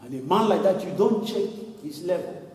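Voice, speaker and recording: A man preaching a sermon as pastor, animated, laughing and imitating people as he goes. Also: high voice, normal speed. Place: church hall. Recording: echoey hall from far off.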